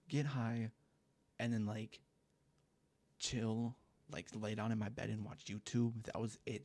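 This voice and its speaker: Young dude w a dark gravelly voice, rambly story time on a headset mic, lots of likes and ums. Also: male voice, lowish voice, no room sound. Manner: rambling, profane, lots of fillers. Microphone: gaming headset mic.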